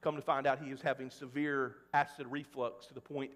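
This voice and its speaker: A pastor in his forties from Mississippi preaching a sermon, dropping to a hush and then shouting at the peaks. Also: medium pitch, flat delivery, brisk. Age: 40s. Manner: swings between hushed and loud, shouting at peaks. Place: church sanctuary. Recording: long church reverb.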